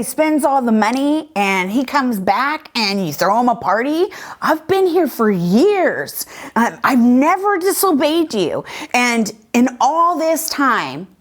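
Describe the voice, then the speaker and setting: A woman voicing a resentful, hardworking older son who complains with indignation in a children's Bible story. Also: on the high side.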